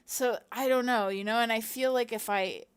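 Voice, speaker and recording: A woman's voice: fairly high pitch, steady tone, normal speed, clean tone. A middle-aged woman at home chatting casually to her viewers as she works, rambling and talking to herself with many fillers. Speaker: content creator. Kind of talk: casual chat while working on a computer. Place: at home, with her cat nearby.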